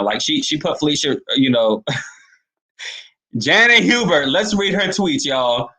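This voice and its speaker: A man with a fairly high, bright, forceful voice talks straight to his viewers in a casual commentary vlog. He is emphatic and slangy. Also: sing-song, slow pace, long pauses. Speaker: online commentator.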